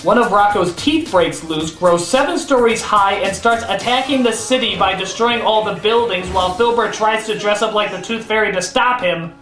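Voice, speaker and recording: A man's voice: sits high, moderate pace, hardly any pauses, fairly bright tone, roomy sound, faint music behind. A man giving sarcastic comedic review narration, with exaggerated outbursts.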